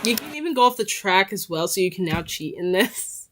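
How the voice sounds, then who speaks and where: A woman reacting to a game trailer in casual, slangy commentary, excitable and quick to laugh and shout out. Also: medium pitch, soft background music.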